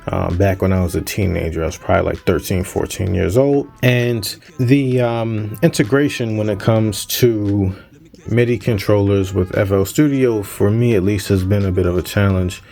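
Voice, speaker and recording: A man's voice: lowish voice, steady tone, moderate pace, gravelly, dark tone. A man in his thirties, a music producer hosting a casual gear-unboxing vlog, upbeat and chatty as he plugs his channel.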